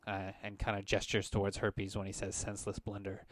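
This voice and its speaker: A man's voice: on the low side, monotone, brisk, hardly any pauses, a bit bright, dry recording. A man acting as game master, narrating scenes and speaking for council members and guards.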